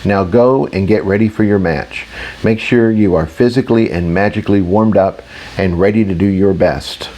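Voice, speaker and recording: A man's voice: fairly low pitch, moderate pace, dark tone, natural voice. A man voicing a scornful, arrogant male mage who dismisses his rival. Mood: commanding.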